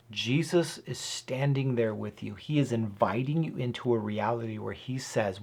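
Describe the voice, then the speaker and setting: A man talks through scripture in a relaxed, conversational way, sipping whiskey as he goes. He is earnest and emphatic, and he keeps checking in with the listener through rhetorical questions and a quick "right?". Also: medium pitch, slightly rough. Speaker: host of a Bible and whiskey channel. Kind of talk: casual Bible teaching to camera.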